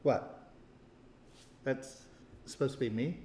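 A man's voice: mid-range voice, slow, warm tone, echoey room. A man defensively insisting the imitation sounds nothing like him, in a comedy sketch. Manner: indignant, defensive. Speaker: friend being imitated.

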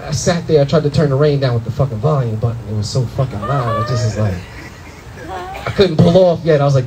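A young adult man doing a loud, animated stand-up comedy set in a comedy club, full of profanity and acted-out voices. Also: medium pitch, a little fast, background noise.

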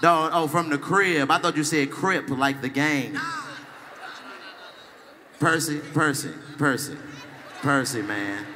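A brash man works the crowd at a live comedy show, roasting people one after another. His voice sits a bit high and rings out through a reverberant hall. Steady audience chatter fills the space behind him. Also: slow pace, pauses often, slight background noise. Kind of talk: live stand-up crowd work.

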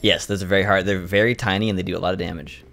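A young man playing a game on a let's play, loud and excitable, joking and yelping as he plays. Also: low-pitched, very fast, a little hiss or hum. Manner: loud, excitable, yelps and jokes while playing. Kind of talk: casual gameplay chat.

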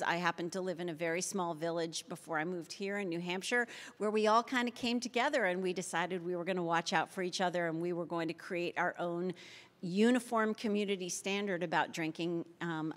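A woman giving a keynote talk on public health, speaking emphatically, slowing down to stress key phrases and dropping dry sarcastic asides. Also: fairly low pitch. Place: city hall auditorium. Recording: long reverb of an auditorium.

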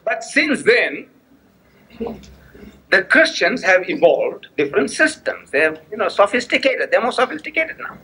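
A man with a notably high voice delivers a religious lecture in a mosque hall. He tells a story by acting out both sides of the dialogue, repeating his phrases and pressing rhetorical questions on his listeners. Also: very animated, unhurried, bright, forceful tone. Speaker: Islamic lecturer.

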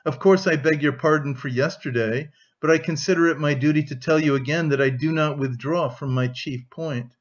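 A man reading an audiobook, voicing a bitter young man who speaks gravely and dryly. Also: on the high side, fairly even intonation, moderate pace, hardly any pauses, highs cut off, lightly acted. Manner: grave, dry, scornful.

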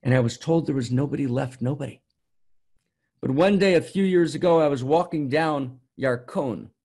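Man preaching, gravelly voice, keeps asking right?. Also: medium pitch, normal speed, darkish tone. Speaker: spiritual teacher. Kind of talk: sermon.

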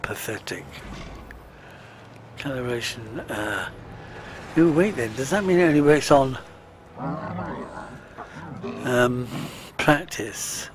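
A man's voice: medium pitch, slow pace, long pauses, a crowd in the background. A British man giving casual, chatty commentary while playing a space exploration game, chuckling and muttering to himself as he goes. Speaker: let's play gamer.

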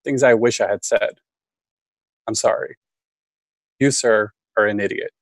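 A man's voice: on the low side, fairly even intonation, brisk, no echo, low-quality recording. A man reading his own list poem aloud at a student reading, understated and dry. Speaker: MFA student reader.

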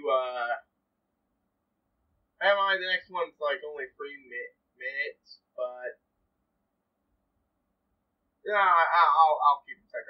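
A man's voice: on the high side, far from the mic. Brief: a hesitant male reaction host, dull off-mic sound. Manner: rambling, hesitant. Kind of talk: casual reaction commentary.

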